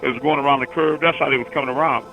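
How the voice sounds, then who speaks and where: A man's voice: medium pitch, steady tone, very fast, muffled recording, soft background music. A man hosting a call-in session, talking casually and rambling, repeating words as he recounts long visions. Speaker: host answering callers.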